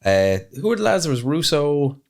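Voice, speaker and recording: A man's voice: fairly high pitch, sing-song, normal speed. A man with an Irish accent co-hosting a podcast in casual, jokey banter, laughing often and drifting into asides. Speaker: podcast co-host.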